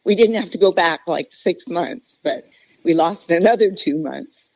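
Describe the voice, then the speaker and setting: A woman's voice: on the low side, unhurried, darkish tone, dry recording. A middle-aged woman, a podcast guest, telling a personal story earnestly and with feeling. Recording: dull, lo-fi podcast audio.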